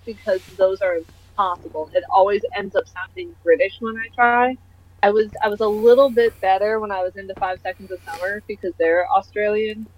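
A young woman chatting casually as a podcast co-host, rambling and poking fun at herself. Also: mid-range voice. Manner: chatty, self-deprecating, rambling with restarts. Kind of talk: casual chat. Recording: dull, dry lo-fi recording.

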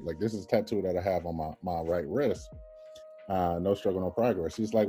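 A man in his thirties, a podcast guest telling an animated personal story and acting out the people in it. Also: low-pitched, a little fast, soft background music. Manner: animated storyteller, acts out quoted voices, laughs often.

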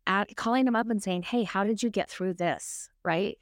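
A woman's voice: medium pitch, moderate pace, dry recording, clean studio sound. A woman co-hosting a podcast, chatting casually and telling a personal story, acting out back-and-forth dialogue and often checking in with "right?". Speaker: podcast co-host. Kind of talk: casual chat.

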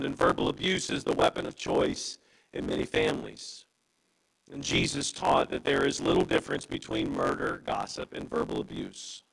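Male pastor, low gravelly voice, big swooping delivery, preaching with fervor. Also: rough recording. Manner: impassioned preaching with wide pitch swings. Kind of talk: sermon.

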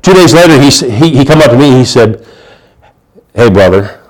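A male pastor delivers a sermon in a folksy, storytelling way. His voice sits in an ordinary middle pitch, rising to loud emphatic points and then dropping to near-hushed asides. He often stumbles and restarts a sentence as he goes. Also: fast talker.

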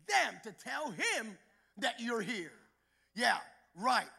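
A male pastor preaching a sermon, building to shouted, rhythmic repetition. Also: very high voice, big pitch swings, slow pace, vocal fry, breathy edge.

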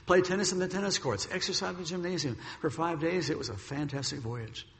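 A male preacher tells a dramatic story from the pulpit, his slightly high voice gravelly and his delivery brisk. He recorded in a reverberant church hall that leaves a long echo behind each phrase. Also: fairly bright tone. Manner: dramatic storyteller, acting out the characters' lines. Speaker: pastor. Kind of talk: sermon storytelling.

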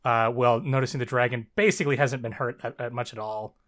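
A man's voice: mid-range voice, fairly even intonation, quick pace. A man casually talking through a story on a podcast, with many fillers and frequent swearing. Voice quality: bright, lots of fillers and swearing, laughs often. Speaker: podcast co-host. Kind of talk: casual chat about a story.

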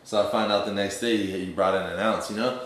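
A man's voice: fairly low pitch, fairly even intonation, fast talker, a bit bright. A young man telling a rambling, profane story in slang, full of fillers. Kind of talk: casual storytelling. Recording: very echoey room.

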